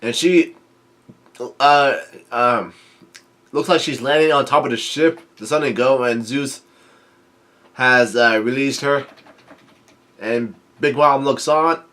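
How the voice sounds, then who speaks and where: A man casually reading through and commenting on a comic chapter, halting with fillers and restarts. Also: medium pitch, bright, forceful tone. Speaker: manga reaction host.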